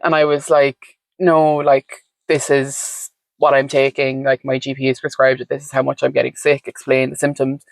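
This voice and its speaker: A woman's voice: very deep voice, level tone, moderate pace, dry recording. A woman talking candidly as an interview guest, frank and chatty with lots of fillers and the odd swear word. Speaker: podcast guest.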